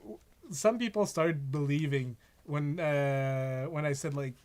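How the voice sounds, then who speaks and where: Rambling, joking man with a higher voice. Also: slow, a little mellow. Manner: rambling, many fillers and restarts, joking. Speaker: stream co-host and card game player. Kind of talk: casual chat while playing a card game.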